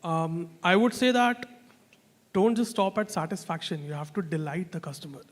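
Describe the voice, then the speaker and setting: A man's voice: high-pitched, moderate pace. A man on a conference panel giving emphatic advice. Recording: distant mic in reverberant hall.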